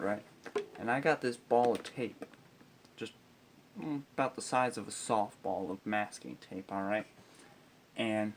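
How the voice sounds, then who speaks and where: A teenage boy telling a profane comic story about school, ranting with constant swearing and exasperation. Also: fairly low pitch. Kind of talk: profane comedic storytelling with guitar.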